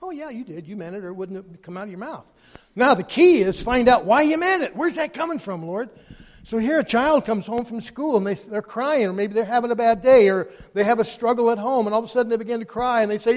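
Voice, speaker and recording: A man preaching a sermon, animated, swinging between loud emphasis and quiet, hushed asides. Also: extremely high pitch, fast talker. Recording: long hall reverb.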